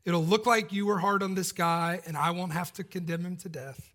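A man's voice: sits high, fairly even intonation, moderate pace, sharp tone. A man voicing a grumpy, impatient Roman governor who talks in dismissive modern slang.

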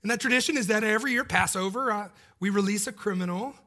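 A man's voice: sits high, fast, sharp tone, pitched above the performer's own voice. A man voicing a grumpy, impatient Roman governor who talks in dismissive modern slang.

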